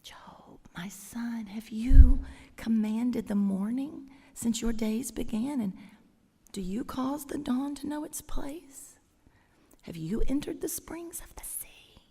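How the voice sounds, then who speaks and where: Whispered role-play: God as a tender, hushed voice, put on by a woman preacher, in a church with a long echo. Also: a little high, slow, husky, full character voice. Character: God speaking gently to a suffering man.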